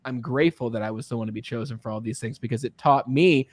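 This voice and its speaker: A man hosting a casual interview as a sales coach, telling stories in an animated way and often checking in with "right?". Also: mid-range voice, fast, no echo, studio quality. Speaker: podcast host and sales coach.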